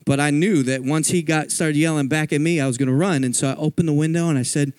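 A man's voice: fairly high pitch, fairly even intonation, quick pace, few pauses, a little mellow, smooth, no room sound. Man from Philadelphia, dry sound. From Philadelphia, USA. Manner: conversational storytelling with frequent asides. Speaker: guest speaker. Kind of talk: personal testimony sermon. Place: church.

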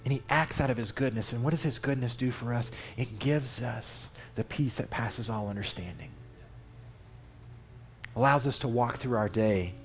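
A man's voice: mid-range voice, normal speed. Male lay preacher, mid-range voice, casual and emphatic, faint music underneath. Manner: conversational, emphatic, animated Scripture reading. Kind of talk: sermon. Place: church.

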